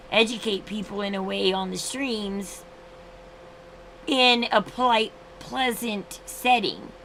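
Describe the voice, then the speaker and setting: A woman's voice: medium pitch, fairly bright tone, a little hiss or hum, poor audio. A woman in her thirties hosting a casual livestream, chatting in a rambling way with frequent restarts. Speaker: livestream host.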